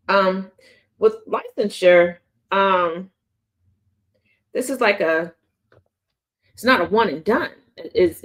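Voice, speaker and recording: A woman hosting a daily news commentary show, talking bluntly and sarcastically with plenty of profanity. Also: mid-range voice. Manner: taunting, confrontational. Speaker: host.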